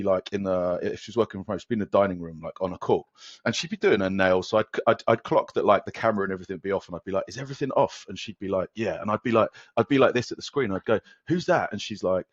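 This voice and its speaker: A man who works as a fitness coach, chatting as a podcast guest, telling stories in a rapid, animated way with lots of restarts. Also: on the low side, no echo. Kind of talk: casual podcast conversation. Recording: dull, dry lo-fi sound.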